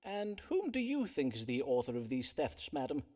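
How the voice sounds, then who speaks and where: A tactful Elizabethan astrologer. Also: male voice, medium pitch, wildly swooping pitch, normal speed, warm tone. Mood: courteous. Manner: polite, archaic phrasing. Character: courteous male Elizabethan astrologer-physician, smooth and tactful. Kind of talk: game voice acting.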